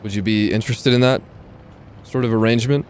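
A man's voice: on the low side, steady tone, fairly quick, darkish tone, slight background noise. A man with a Californian accent giving casual, joking commentary on a live game stream, laughing often.

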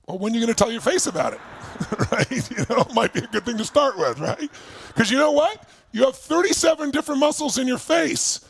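A man leading a live seminar over video call as a motivational speaker, energetic and emphatic, prodding his audience with constant "right?". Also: very high-pitched, fairly quick, gravelly, slightly rough.

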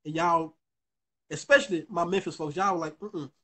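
The young man's voice sits on the high side, brisk, pushed, and bright, with a steady tone. Speaking to his viewers as a vlogger, he tells a rambling, profanity-laced story that keeps restarting.

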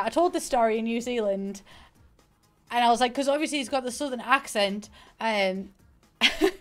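A young woman with a Northeast English accent, streaming and chatting casually, rambling through a story and thanking viewers. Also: a little high. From northeast England. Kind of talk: casual gaming stream chat. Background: faint piano music.

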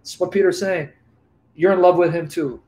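Guy preaching as old apostle peter, high voice, all fervent and adoring, keeps repeating himself. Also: steady tone, normal speed, a little mellow, natural voice. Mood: awed, loving. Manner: fervent, heartfelt, repeating lines for emphasis. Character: the apostle Peter, an older man, awed and adoring.

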